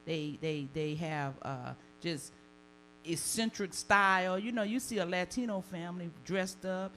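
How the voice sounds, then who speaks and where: A woman's voice: fairly low pitch, a little hiss or hum, rough recording. Brash Southern woman doing stand-up. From Deep South of the United States. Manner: brash, bawdy, animated, laughing at her own jokes. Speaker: stand-up comedian. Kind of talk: live stand-up comedy. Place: comedy stage before a live audience.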